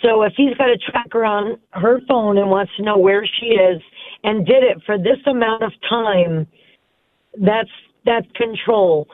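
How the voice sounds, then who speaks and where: A woman's voice: mid-range voice, measured pace, no room sound. Woman caller over a tinny phone line. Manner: firm, emphatic opinions. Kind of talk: call-in radio opinion.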